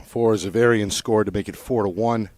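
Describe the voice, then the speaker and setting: Brisk lower-voiced male play-by-play announcer. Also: steady tone, darkish tone, dry recording. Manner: brisk, measured recap of scores and plays. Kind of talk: sports play-by-play commentary. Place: press booth at a lacrosse game. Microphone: broadcast booth mic.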